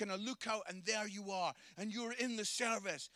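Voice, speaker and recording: A man gives an animated, funny sermon in a high, ringing voice that sits close to the mic. He acts out the voices of the people in his story. The sound is dry, with no room echo. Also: fast talker, hardly any pauses. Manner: animated, humorous, acts out dialogue. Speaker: preacher.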